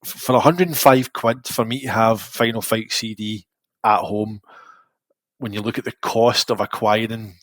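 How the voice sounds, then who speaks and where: Man, Glasgow Scottish accent, forties, slightly low voice, dry sound, rambling anecdotal podcast chat. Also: moderate pace, no room sound. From Scotland. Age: 40s. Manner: lively, rambling anecdotal storytelling. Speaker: podcast co-host.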